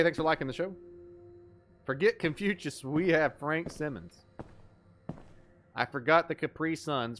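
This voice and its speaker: A man's voice: fairly high pitch, moderate pace, fairly bright tone. A young adult man giving live gameplay commentary as a streamer, goofy and joking, swearing at his mistakes.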